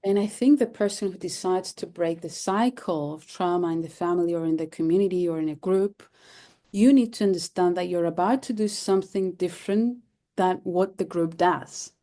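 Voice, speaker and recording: Brief: woman therapist from Cyprus, low warm voice, reflective with fillers. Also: normal speed. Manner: thoughtful, repeating phrases, frequent fillers. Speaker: therapist, guest. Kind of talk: interview conversation.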